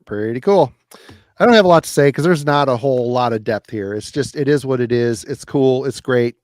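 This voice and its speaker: A man's voice: mid-range voice, a little fast, a little mellow, dry recording, clean studio sound. Laid-back male podcast co-host. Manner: laid-back, brief, laughs often. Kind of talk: casual podcast chat about metal.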